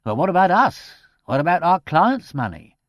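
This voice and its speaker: A man voicing a brash, cocky debt collector who talks loud and slangy. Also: high voice, sing-song, moderate pace, dry recording, clean studio sound, voice pushed up. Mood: blunt.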